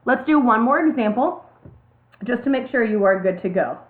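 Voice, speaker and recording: A woman's voice: fairly high pitch, animated, normal speed. Female teacher, patient step-by-step delivery, letters spelled out, narrow phone-like sound. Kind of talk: classroom video lesson. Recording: tinny phone-like audio.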